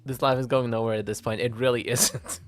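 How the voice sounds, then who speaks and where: A man's voice: medium pitch, fairly even intonation, brisk, soft background music. A male VTuber streamer, not a native English speaker, chatting casually in a giggly, stammering way that repeats words. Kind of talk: casual livestream chat.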